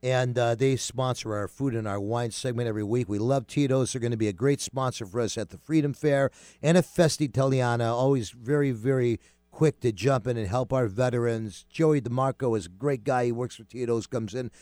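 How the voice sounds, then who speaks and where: A man's voice: fairly quick, no echo. A man with a New York accent hosting a talk show in casual, rambling chat. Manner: animated, rambling, loud jumps in pitch.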